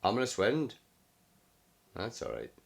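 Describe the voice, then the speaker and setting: A man giving live gameplay commentary, excitable, cursing at setbacks and cheering his wins. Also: fairly low pitch, measured pace, creaky. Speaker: gaming commentator.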